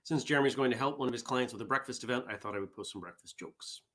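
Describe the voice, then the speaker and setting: A man's voice: mid-range voice, quick pace, bright, forceful tone. A man hosting a casual live morning vlog show, chatting with viewers and reading their comments and jokes aloud. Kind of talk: casual live-stream chat.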